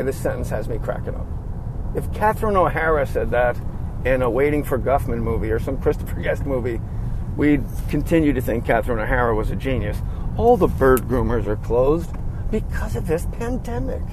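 A man telling a funny story in a casual comic monologue, profane and animated, laughing at his own tale. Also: medium pitch, noisy background.

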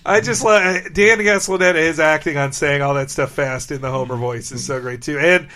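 A man's voice: a little high, brisk, sharp tone. A man co-hosting a podcast in casual chat, laughing often as he talks. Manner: laughs often, quotes lines in funny voices. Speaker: podcast co-host.

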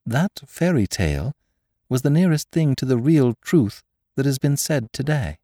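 A man putting on a cheerful, gentle little priest. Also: medium pitch, big pitch swings, measured pace, no room sound, clean studio sound, voice pushed up. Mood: mild, amused. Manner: gentle, quietly amused, pleasantly reasoning. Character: cheerful small middle-aged male priest-detective. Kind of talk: audiobook character voice.

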